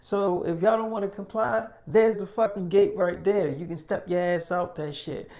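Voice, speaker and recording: A man's voice: high-pitched, fairly even intonation, normal speed, darkish tone. A man improvising a role-play story in a casual, profane, slangy way.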